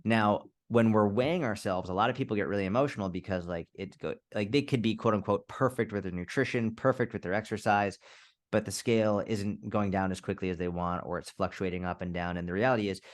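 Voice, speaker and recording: A man being interviewed as a fitness coach, speaking casually and candidly, swearing now and then and acting out little scenarios. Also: on the low side. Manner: candid, swears, quick restarts, acts out scenarios. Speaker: fitness coach, podcast guest.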